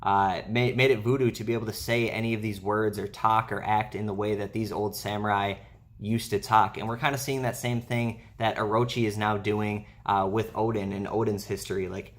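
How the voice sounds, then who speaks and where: A man's voice: lowish voice, little pitch movement, moderate pace. A man giving a casual video commentary as a manga review YouTuber, chatting to his viewers with frequent fillers.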